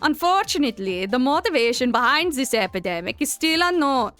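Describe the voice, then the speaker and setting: A formal official delivers a grave briefing in a put-on accent, as a woman voices him. The reading is slow and deliberate. The voice sits fairly high. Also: very animated, fairly bright tone, faint music behind.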